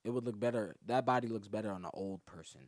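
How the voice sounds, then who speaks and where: A man hosting his own comedy podcast alone, rambling through profane, animated stories. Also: fast talker, no echo. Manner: profane, animated storytelling that jumps in pitch. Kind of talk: rambling solo comedy monologue.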